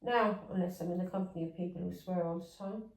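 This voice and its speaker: A woman's voice: on the low side, fairly even intonation, fast talker, a little mellow, roomy sound, far from the mic, rough recording. A woman giving a casual tarot reading, chatty and plain-spoken, often checking in with her listener. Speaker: tarot reader.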